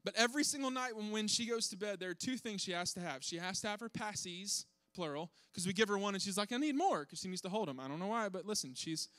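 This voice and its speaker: Young dad with a high voice, animated comic storytelling, dry close sound. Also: male voice, fast, few pauses, no echo. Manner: animated, self-deprecating, acts out his kids' voices. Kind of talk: comedic storytelling to an audience.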